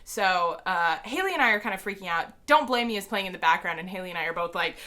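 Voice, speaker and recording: Young woman vlogging a storytime, bright voice, rambly and excited, lots of "like". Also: on the low side, fast. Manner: excited rambling with many fillers. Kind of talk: casual storytime.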